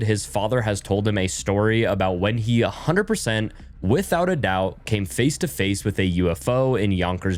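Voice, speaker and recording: A man's voice: lowish voice, a little mellow. A man narrating a video from a script in a conversational way, speaking straight to his viewers. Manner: conversational, addresses viewers directly. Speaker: YouTube narrator.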